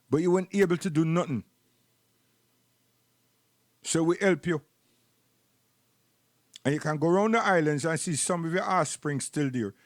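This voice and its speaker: A man's voice: fairly high pitch, no echo, studio quality. A man with a Jamaican accent giving rambling, preachy live-stream commentary and repeating words while he searches for the next one.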